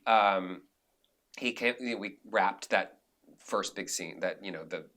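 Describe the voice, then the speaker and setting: A man's voice: low voice, measured pace, pushed and bright. A man, a film director as a podcast guest, talking candidly in a casual interview with frequent restarts and fillers.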